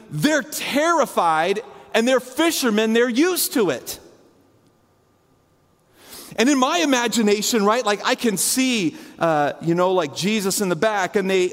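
A male pastor preaching a conversational sermon full of fillers, dropping to a hushed low voice and rising high again as he retells a scene. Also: big-room sound. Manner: conversational, imaginative storytelling with many fillers; swings between hushed low and raised high delivery.

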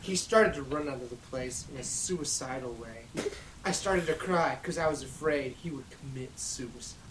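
A woman's voice: rumbling low, normal speed, background noise. A woman podcast host reading fan fiction aloud in a giggly, theatrical way at home in a dining room. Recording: echoey room, mic at a distance.

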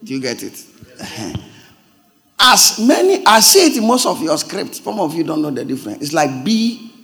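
A man, a pastor, preaching a sermon, explaining points like a teacher and asking again and again if he is understood, then rising into loud, emphatic preaching. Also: on the high side, wildly swooping pitch, moderate pace. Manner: teacherly, checks understanding with repeated questions.

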